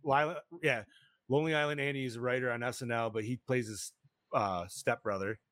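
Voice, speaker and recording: Excitable swearing man hosting a podcast. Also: mid-range voice, a little fast, no room sound, clean studio sound. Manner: excitable, swears often, says dude a lot. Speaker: podcast host. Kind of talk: casual movie-review podcast chat.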